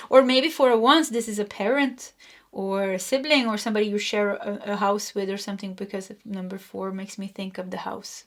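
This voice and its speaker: A middle-aged woman giving a pick-a-card tarot reading in a chatty way, repeating herself and laughing often. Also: fairly high pitch. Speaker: tarot reader.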